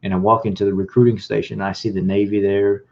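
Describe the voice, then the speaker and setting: Gravelly low-voiced man telling his life story. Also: level tone, fast talker, a little mellow. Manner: rambling, acts out remembered dialogue. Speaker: vlogger. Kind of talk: casual personal storytelling. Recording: dull lo-fi recording.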